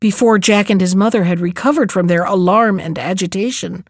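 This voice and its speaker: A woman's voice: mid-range voice, brisk, no room sound, studio quality. Woman reading a fairy tale. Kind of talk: storybook narration.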